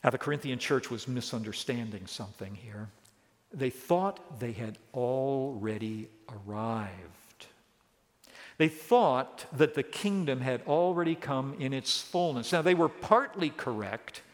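A man preaching an expository sermon, switching between quiet stress and rising, emphatic exclamations. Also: medium pitch, lively intonation, a little slow. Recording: long reverb of a large hall.

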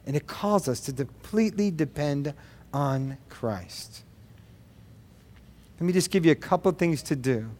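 A man's voice: a little high, darkish tone. Earnest preaching man in a reverberant gym. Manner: earnest, preachy, with quick asides. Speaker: pastor. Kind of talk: sermon.

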